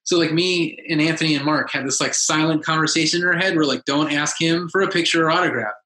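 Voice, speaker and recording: Man, casual storytelling, bright voice, fairly high pitch, acts out quotes, echoey room. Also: fast talker. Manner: animated, acts out quotes in a raised voice. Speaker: podcast guest, musician.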